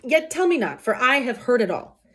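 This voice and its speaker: A woman reading the lines of a brooding, lovesick young man in old verse, her pitch lifting as she reads. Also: sing-song, normal speed, a bit bright.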